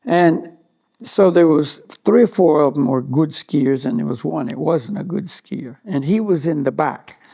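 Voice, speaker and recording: Gravelly man telling a rambling story. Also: on the high side, expressive, measured pace, mellow. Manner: rambling, anecdotal, many "you know" asides. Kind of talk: relaxed storytelling talk.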